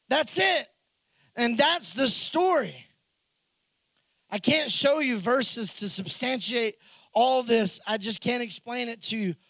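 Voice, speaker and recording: A man preaching a sermon in an animated way, acting out the characters' lines in the story. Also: extremely high pitch, no echo. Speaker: pastor.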